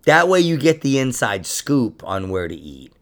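A man's voice: medium pitch, very animated, normal speed. A man co-hosting a comedy podcast in casual chat, laughing often and breaking into silly mock voices.

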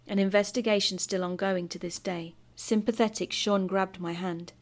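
A woman reading a scripted first-person horror story in a measured, bitter tone. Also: medium pitch, fairly even intonation. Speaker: story narrator. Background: music.

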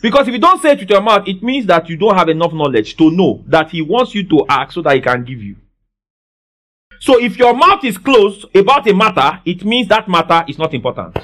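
A man delivers a sermon in a high, lively voice. He leans on call-and-response and swings from soft to loud. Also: fairly quick. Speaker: pastor. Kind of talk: preaching a sermon.

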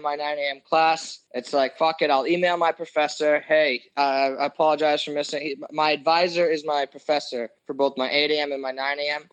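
A man's voice: a little high, a bit bright, poor audio. A young man in casual podcast chat, telling a long story with swearing and jokes, acting out his friends' lines. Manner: profane, joking, acts out quoted friends.

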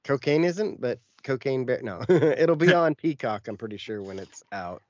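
A man's voice: mid-range voice, lively intonation, normal speed, a little mellow, dry recording, dull audio. A man co-hosting a podcast, telling a long story in casual chat with lots of fillers. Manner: rambling storytelling with many fillers. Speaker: podcast co-host.

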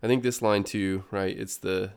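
A man's voice: fairly low pitch, fairly even intonation, normal speed, gravelly, darkish tone, smooth. A man co-hosting a podcast, reflecting on a book in a casual, hesitant way with many ums. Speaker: podcast co-host.

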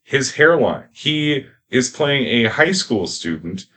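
A man's voice: medium pitch, very animated, slow, bright, forceful tone, low-quality recording. A man co-hosting a podcast, talking bluntly and emphatically about a movie and swearing freely. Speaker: podcast co-host. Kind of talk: casual movie review chat.

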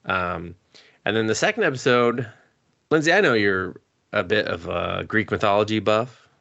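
A man's voice: fairly low pitch, expressive, normal speed, vocal fry, fairly bright tone, no echo, dull audio. A man hosting a podcast, recapping anime in a rambling, profane, casual way while sick with a cough, chuckling often. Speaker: podcast host.

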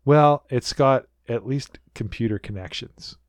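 A man co-hosting a podcast, chatting in a rambling, animated way as he recaps a show. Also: mid-range voice, measured pace, no room sound. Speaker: podcast co-host. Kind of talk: casual recap chat.

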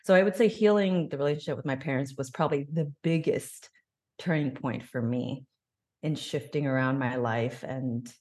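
Low-voiced woman sharing her story. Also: normal speed, a little mellow. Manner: open, reflective, emotional storytelling. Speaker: podcast guest. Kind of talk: candid personal interview.

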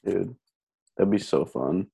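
A man's voice: deep voice, takes it slowly, creaky, warm tone, breathy edge. A man co-hosting a casual podcast, joking and teasing the others. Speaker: podcast co-host. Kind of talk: casual chat.

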